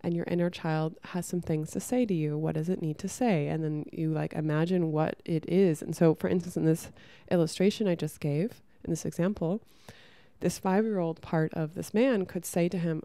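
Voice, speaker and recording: A woman talking casually to camera about spiritual growth, chatty and soft, often saying "like" and restarting her sentences. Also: lowish voice, normal speed, dry recording. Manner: chatty, many "like" fillers and restarts.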